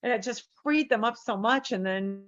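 A woman's voice: fairly high pitch, moderate pace, lo-fi sound. A woman from San Diego, a therapist and speaker, telling stories in a casual interview and acting out the voices of people in them. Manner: animated storyteller acting out quoted voices.

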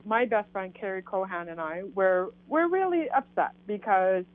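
Canadian woman, lively storyteller voicing quoted lines, heard through a thin, phone-like line. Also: medium pitch, normal speed, no echo. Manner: animated, acts out quoted dialogue. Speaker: guest telling her story. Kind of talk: casual storytelling. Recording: tinny phone line, dry.

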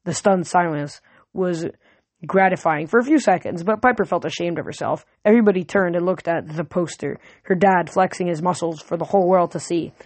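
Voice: mid-range voice, a little fast, dry recording. Amateur novel reader, unpolished, slips and restarts, close dry mic. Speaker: audiobook reader. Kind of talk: reading a novel aloud.

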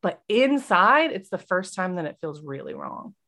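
A woman's voice: fairly low pitch, normal speed. A woman in her thirties co-hosting a podcast, chatting casually and acting out the voices of people in her story. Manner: animated, acts out quoted voices. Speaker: podcast co-host, nurse.

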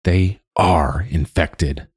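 A cold, ruthless general played by a man reading an audiobook gives commands in a smooth, unhurried voice. The voice sits very deep, and the recording is dry and close. He sounds calm and cruel rather than shouting. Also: dry recording. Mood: cold commanding.

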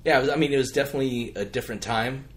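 A man co-hosting a casual podcast, talking quickly with many fillers. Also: medium pitch. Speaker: podcast co-host. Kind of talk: casual chat.

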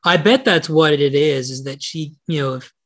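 A podcast co-host chatting casually, giving wry, analytical takes in a mid-pitched voice. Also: normal speed, fairly bright tone, husky. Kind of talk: casual chat.

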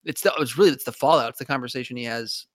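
A man of middle pitch reflects on a scene in casual podcast chat, starting and restarting his sentences. He laughs lightly between thoughts, and the sound is dry and close. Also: racing, a bit bright, no room sound. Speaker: podcast co-host.

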